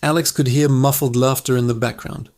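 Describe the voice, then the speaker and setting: A man narrates funny stories for his channel in an upbeat, chatty way. His voice sits at an ordinary middle pitch, and the telling sounds scripted but relaxed. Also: fairly quick. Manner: upbeat, conversational storyteller. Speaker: channel host.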